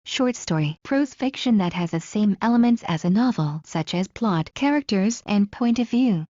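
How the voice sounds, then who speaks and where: Female narrator, mellow and dry, for measured term-and-definition study flashcards. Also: medium pitch, dry recording, muffled recording. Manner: measured, even reading of term then definition. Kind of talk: reading exam flashcard definitions.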